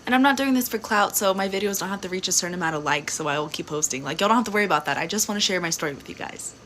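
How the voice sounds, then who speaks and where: A woman's voice: lowish voice, expressive, rapid-fire, a bit bright, a little hiss or hum, poor audio. Blunt, sassy young woman. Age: 20s. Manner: sassy, blunt, swears freely. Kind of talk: casual storytime vlog.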